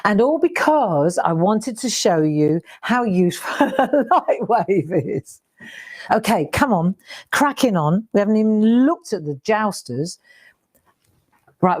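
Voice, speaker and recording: A woman's voice: medium pitch, expressive, normal speed, a little mellow. A middle-aged woman hosting a craft live stream, chatting and exclaiming as she looks through old keepsakes. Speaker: craft show host. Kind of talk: casual live-stream chat.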